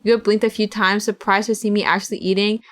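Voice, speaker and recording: This young woman streamer talks fast in a mid-range, slightly bright voice with little pitch movement. Casually reading a visual novel, she dramatizes the tense passages, swearing and laughing at the script over faint game music.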